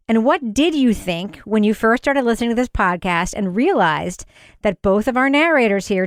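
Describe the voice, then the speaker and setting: A woman co-hosting a podcast, talking casually and asking animated questions, laughing as she speaks. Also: fairly high pitch, dry recording, clean studio sound. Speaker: podcast co-host. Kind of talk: casual review chat.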